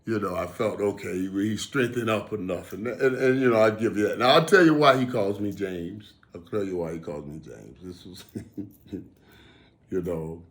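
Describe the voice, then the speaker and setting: A middle-aged man with a somewhat low voice tells a personal story in a casual way. He is emphatic and animated and often repeats phrases for weight. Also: normal speed. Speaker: vlogger.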